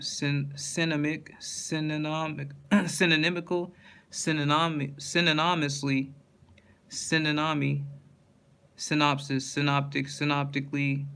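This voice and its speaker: A man's voice: fairly high pitch, pushed and bright, clean tone. A man reading a long list of words aloud one by one, stumbling and restarting now and then. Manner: reads words one by one, with frequent slips and restarts.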